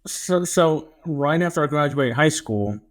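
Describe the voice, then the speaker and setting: A young man co-hosting a podcast, telling a story in a casual, animated way and acting out what people said. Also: fairly high pitch, a little slow. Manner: animated storyteller, acts out quotes. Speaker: podcast co-host.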